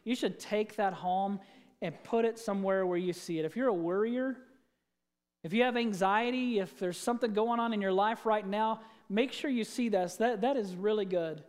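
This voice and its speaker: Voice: mid-range voice, moderate pace, darkish tone, in a large hall. A pastor preaching a sermon in a conversational way, asking the congregation questions and telling stories.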